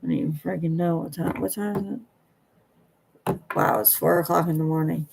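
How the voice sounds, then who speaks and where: A tired woman hosting a late-night livestream, halting and earnest, often trailing off. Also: deep voice, fairly even intonation, gravelly, darkish tone, slightly rough. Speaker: livestream host.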